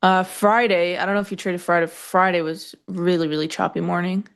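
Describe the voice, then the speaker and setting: A woman's voice: fairly low pitch, level tone, brisk, vocal fry, clean tone. A woman co-hosting a live trading show, chatting casually with dry sarcastic asides. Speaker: co-host.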